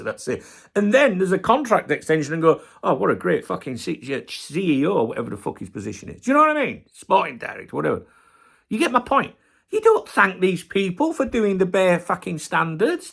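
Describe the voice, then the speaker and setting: A middle-aged man rants with real passion, swearing freely as he talks. His voice has a gravelly rasp and sits a touch higher than most men's. His pitch swings widely and animatedly as he works himself up. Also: fairly bright tone. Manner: passionate, swears heavily, ranting. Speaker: football channel host. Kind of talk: casual video rant.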